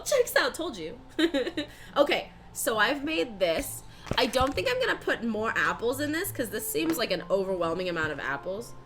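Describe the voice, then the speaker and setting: A woman's voice: a little high, a bit bright. A young woman chatting casually on a live stream as she bakes, swearing and laughing often and sounding out words over and over. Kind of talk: casual live-stream chat while baking.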